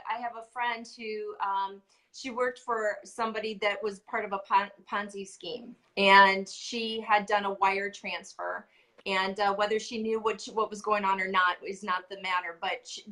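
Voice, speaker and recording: A woman's voice: medium pitch, bright, forceful tone, poor audio. A woman talking as a podcast guest, telling stories in an earnest, emphatic way. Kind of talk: casual heartfelt conversation.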